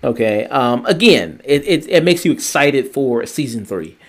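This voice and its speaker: Male podcast co-host, mid-pitched, rambling and animated, heavy on fillers and casual swearing. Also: a little slow. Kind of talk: casual review chat.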